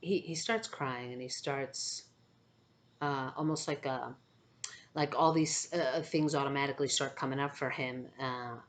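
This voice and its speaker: Low-voiced woman telling a spiritual story. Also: fairly even intonation, unhurried. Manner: hesitant, many fillers, keeps asking "okay?". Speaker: spiritual channeler and empath.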